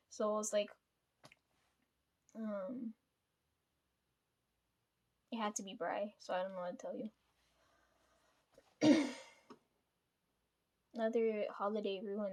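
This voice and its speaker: A young woman vlogger vents casually while telling a family story, swearing a lot and leaning heavily on fillers like "like." Her voice is mid-range with a darkish tone.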